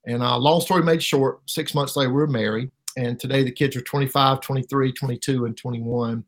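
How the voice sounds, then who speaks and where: A middle-aged man giving an emotional personal testimony as an interview guest, halting and repeating words, his voice rising sharply at painful moments. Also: medium pitch, fairly even intonation. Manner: halting, repeats words, voice rises sharply when reliving pain.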